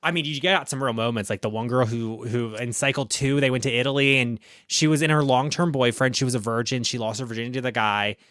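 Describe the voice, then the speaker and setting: A man hosting a podcast, chatting in an animated, gossipy way and laughing easily. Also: medium pitch, fast, hardly any pauses, no echo, clean studio sound. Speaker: podcast host. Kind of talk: casual gossip chat.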